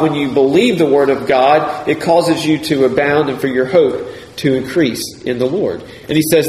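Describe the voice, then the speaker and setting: Male preacher, slightly higher pitch, emphatic sermon delivery, echoey hall. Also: darkish tone, slight background noise. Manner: deliberate, emphatic, repeats key phrases. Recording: echoey hall, faint ambience.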